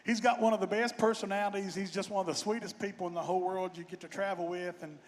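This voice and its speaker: A man's voice: sits high, steady tone, fast talker. A man, a bandleader giving folksy, joking stage banter and storytelling. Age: 50s. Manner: folksy, joking, warm-hearted. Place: outdoor festival stage. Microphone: stage microphone. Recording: long reverb of a stage sound system.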